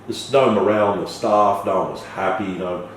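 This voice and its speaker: Aussie guy, lowish voice, swears a lot telling gym stories, far off mic, bit of hiss. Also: a little fast. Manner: animated storyteller who swears and acts out dialogue. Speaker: podcast guest. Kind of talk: casual storytelling interview. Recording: echoey room, from far off, faint noise.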